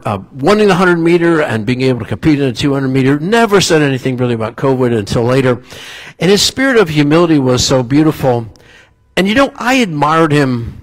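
A pastor giving a sermon, telling stories in a relaxed, conversational way with asides. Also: male voice, medium pitch, rough recording. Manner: storytelling, conversational with asides and chuckles.

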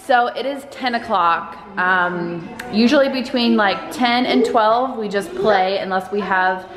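A woman in her thirties, a mother vlogging casually at home in a chatty, relaxed way. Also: mid-range voice, measured pace, over music. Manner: chatty, relaxed, talks with fillers. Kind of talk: casual vlog talk to camera. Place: family home indoors. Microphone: camera. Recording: echoey room with noise.

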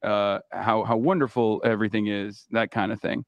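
A man explaining his views in a casual argumentative chat, rapid and full of fillers. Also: fairly low pitch, steady tone, no echo. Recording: dull dry stream audio.

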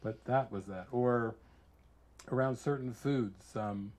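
An American man, a spiritual teacher, giving an informal retreat talk full of lively personal stories, laughing often and acting out what others said. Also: medium pitch, slow. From United States. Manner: animated storyteller who laughs often and acts out quotes.

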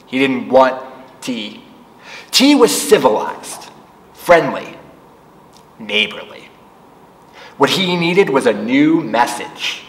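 Male storytime reader, unhurried, very animated, distant mic in a roomy space. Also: mid-range voice. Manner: slow, animated read-aloud voice for children. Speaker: children's librarian reading aloud. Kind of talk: storytime read-aloud. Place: library room. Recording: echoey room, distant mic.

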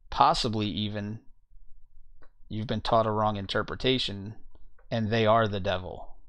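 A man giving an informal Bible teaching, reading scripture passages aloud and pausing to look up verses as he goes. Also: mid-range voice, a bit bright, dry recording, clean studio sound. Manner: reads scripture aloud, searching for verses mid-talk.

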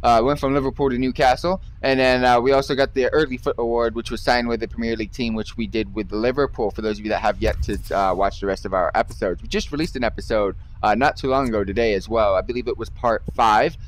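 A young man streaming a football video game live, chatting to viewers, swearing and yelling at misses. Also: mid-range voice, fast, few pauses. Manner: excitable, swears and yells at misses. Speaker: gaming streamer.

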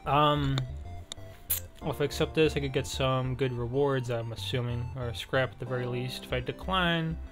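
A man talks his way through a game, thinking aloud and filling pauses as he goes. His voice sits at an ordinary middle pitch, and he slips in little self-deprecating jokes. Faint game music plays underneath. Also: fairly even intonation. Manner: thinks aloud, rambling with many fillers. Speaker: let's play gamer. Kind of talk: casual gameplay commentary.

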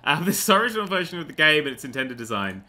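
Male gaming host, let's play commentary; tense, very bright tone, slightly high; sarcastic, tangent-prone, casual swearing. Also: very animated, racing. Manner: rambling, sarcastic, goes off on tangents.

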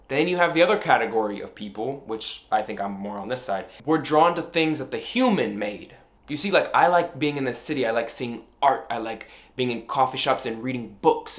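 A young man talking casually to camera as a travel vlogger, chatty and playful, often laughing. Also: medium pitch.

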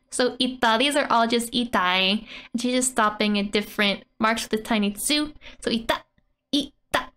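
A woman giving a casual language lesson through manga panels, chatty and playful, giggling often between explanations. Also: fairly high pitch. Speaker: online Japanese tutor.

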